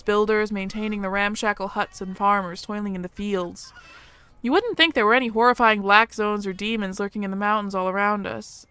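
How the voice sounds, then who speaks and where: A woman's voice: mid-range voice, fairly bright tone, smooth. A woman hosting a let's play, reading a visual novel aloud in a wry, conversational way.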